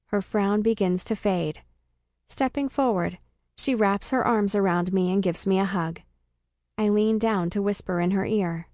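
A woman narrating a first-person comic story with a dry, deadpan delivery. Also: medium pitch, a little slow, no echo. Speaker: audiobook narrator.

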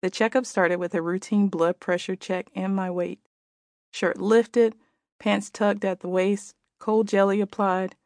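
A woman in her forties, the author, reading her own audiobook aloud in a gentle, reflective way. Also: medium pitch, steady tone, unhurried, dry recording, studio quality. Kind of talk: audiobook narration.

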